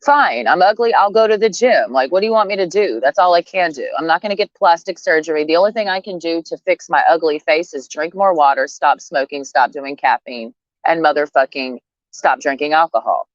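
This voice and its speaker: A woman's voice: deep voice, fairly quick, no room sound, muffled recording. A woman ranting bluntly and profanely in a rambling, casual way to camera. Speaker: vlogger.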